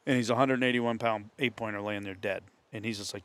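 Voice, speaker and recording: A man's voice: on the low side, fairly even intonation, brisk, a bit bright, no room sound. A man with a New England accent telling a hunting story in casual talk among friends, acting out the voices of others. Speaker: host. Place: hunting camp.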